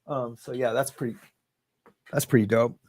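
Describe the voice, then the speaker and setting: A man hosts a rambling, casual livestream from his living room, talking to viewers and reading their comments aloud. His voice sits at a middle pitch and the sound is dry and close. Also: steady tone, normal speed, a little mellow, dry recording. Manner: chatty, rambling, reads viewer comments aloud, laughs often. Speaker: host. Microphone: webcam or phone in his home.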